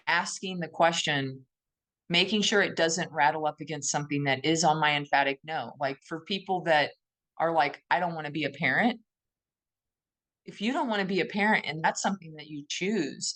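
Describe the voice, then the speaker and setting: A woman co-hosting a podcast, speaking in a thoughtful, gently emphatic way and often posing questions to herself. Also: deep voice. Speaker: podcast co-host. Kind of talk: reflective conversational podcast talk.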